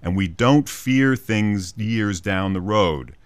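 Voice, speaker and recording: A man's voice: on the low side, lively intonation, slow pace, clean tone, dry recording. A man, a psychologist hosting a short scripted segment, telling a vivid everyday scene and acting out small quoted voices along the way. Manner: vivid storytelling, acts out little quoted voices. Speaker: psychologist radio host. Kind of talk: scripted spoken commentary.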